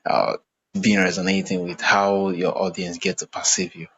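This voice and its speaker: A man's voice: low-pitched, big pitch swings, normal speed, gravelly, fairly bright tone, breathy edge, muffled recording. A man hosting a podcast interview, speaking hesitantly with frequent fillers and short affirmations. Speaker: podcast host.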